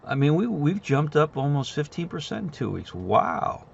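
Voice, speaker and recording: Gravelly blunt middle-aged man. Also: on the high side, very animated, moderate pace. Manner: blunt, sarcastic and rambling. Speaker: market commentary host. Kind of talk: casual market commentary. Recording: dull lo-fi recording.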